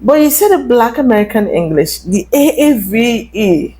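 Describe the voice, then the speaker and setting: A woman's voice: a little high, normal speed, rough recording. A young adult woman vlogger giving emphatic, casual commentary straight to her viewers. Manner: animated, emphatic, addresses viewers directly.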